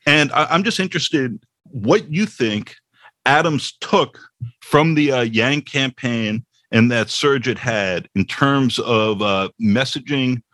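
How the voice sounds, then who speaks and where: A man's voice: mid-range voice, takes it slowly, a bit bright, dry recording. Brief: man hosting, playful, conversational, dry recording. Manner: joking, asks questions. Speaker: podcast host. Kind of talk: interview hosting.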